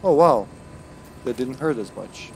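A man's voice: medium pitch, expressive, a little slow, vocal fry, darkish tone, slight background noise. Joking man with a Russian accent. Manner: joking, playful banter. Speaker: streamer. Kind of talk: casual co-op gaming chat.

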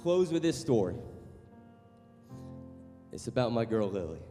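A man preaching a sermon as pastor in a church, passionate, moving between loud exhortation and quiet storytelling. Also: mid-range voice, sing-song, unhurried. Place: church sanctuary. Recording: long hall reverb with music behind.

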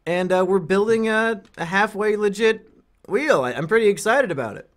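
A young man with a high-pitched voice hosts a casual gaming chat. His banter is crude, teasing and full of profanity. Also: expressive, normal speed. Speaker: podcast host.

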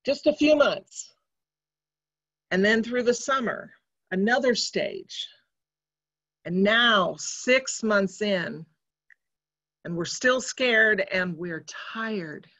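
A woman preacher giving a sermon in a church, speaking in a measured, reflective way. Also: mid-range voice, pushed and bright.

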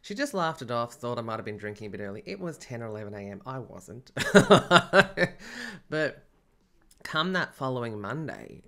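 A man's voice: lowish voice, bright, forceful tone. A man telling a personal story in a casual, chatty podcast monologue, often breaking into laughter. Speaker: medium and podcast host.

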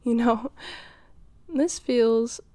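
This woman's fairly high, warm voice carries no echo as she acts out an audio role-play. Her character is a middle-aged mother, doting and flirtatious, who teases and nurtures with giggles and flustered pauses.

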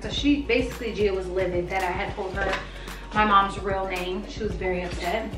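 A woman's voice: medium pitch, fairly even intonation, moderate pace, far from the mic. A woman, a mother and vlogger, chatting casually and playfully with her young daughter, saying "like" a lot. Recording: roomy sound from off the mic, music playing.

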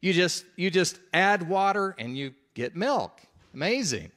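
A man's voice: sits high, very animated, unhurried, fairly bright tone, exaggerated voice. A preacher voicing a male Russian immigrant comedian with a put-on Russian accent, wide-eyed. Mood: amazed. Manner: wide-eyed, punchline delivery.

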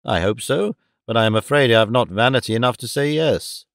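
A man voicing a composed, sceptical gentleman in an audiobook, measured and sardonic. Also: mid-range voice, dry recording, clean studio sound, natural voice. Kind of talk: audiobook reading.

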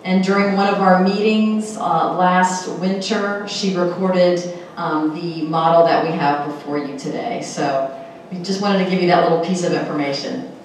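A woman's voice: on the low side, steady tone, moderate pace, a little hiss or hum. A woman organizing a conference, speaking politely with a few hesitations. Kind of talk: remarks at a conference. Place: large conference room. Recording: distant, echoey room.

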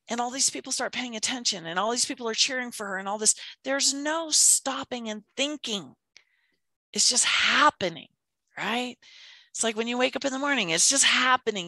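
Bright lively woman chatting on a podcast, acts out little quotes, dry close sound. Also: high voice, dry recording. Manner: animated storytelling, acts out quotes, laughs often. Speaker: podcast co-host. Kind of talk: casual chat about manifestation.

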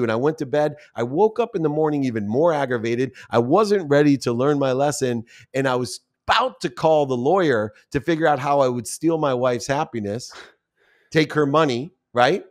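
A man's voice: medium pitch, normal speed. Male guest, 50s, heartfelt storyteller, mid-range voice. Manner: emotional, acts out quoted voices. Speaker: podcast guest. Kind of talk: personal storytelling.

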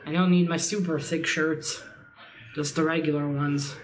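A young woman with a lowish voice chats loosely about her books, wandering between thoughts and dropping the occasional swear. She has a slight cold that roughens the edges of her casual vlog talk. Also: steady tone, moderate pace. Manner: rambling, casual, swears lightly. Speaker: book vlogger. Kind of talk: casual reading vlog chat.

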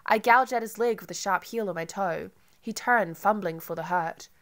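Lower-pitched woman reading an audiobook. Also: moderate pace, fairly bright tone. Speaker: audiobook narrator. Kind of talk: scripted audiobook narration.

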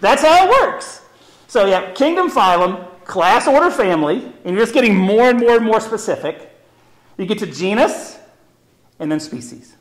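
Man, zoo educator, high voice, very lively pitch, chatty, upbeat, echoey room. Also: moderate pace. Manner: chatty, upbeat, explains with memory tricks. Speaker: zoo educator, program host. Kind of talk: live educational stream, casual teaching.

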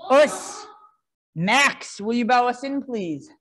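A woman karate instructor leading a children's class, calling commands and counting in Japanese, encouraging but gently firm. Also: on the high side, lively intonation, slow.

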